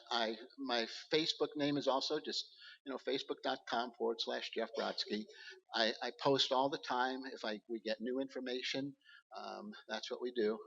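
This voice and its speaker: A man speaking earnestly at a church service, halting often with fillers as he presents slides. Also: mid-range voice, gravelly, a bit bright, in a large hall, muffled recording.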